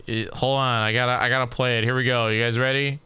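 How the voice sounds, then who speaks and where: Male streamer, loose rambling talk full of restarts, bright and crisp. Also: mid-range voice, flat delivery, fast. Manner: rambling, stacks repeated restarts. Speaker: game streamer. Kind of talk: casual live-stream chat.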